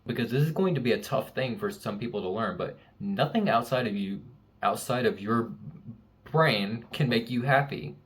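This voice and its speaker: A man's voice: mid-range voice, lively intonation, moderate pace, fairly bright tone. A young man giving an earnest, emphatic motivational talk, repeating key lines and swearing casually. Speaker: self-help speaker.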